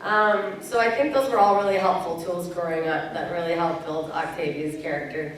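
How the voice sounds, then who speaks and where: A woman's voice: lowish voice, fairly even intonation, moderate pace. A woman from Canada answering fan questions as a convention panel guest, candid and laughing easily. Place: large convention hall. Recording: very echoey hall, distant mic.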